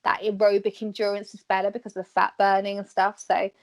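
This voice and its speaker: A woman chatting as a podcast guest, lively and quick to act out conversations. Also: medium pitch. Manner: animated, acts out quoted exchanges with laughter. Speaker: podcast guest, former athlete. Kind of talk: casual chat.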